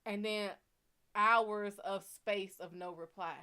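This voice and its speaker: A woman's voice: medium pitch, takes it slowly, clean tone. A woman hosting a live show, casually telling a blunt, profane dating story and acting out the quoted lines. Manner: candid, profane, animated storytelling with quoted dialogue. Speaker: psychic reader host.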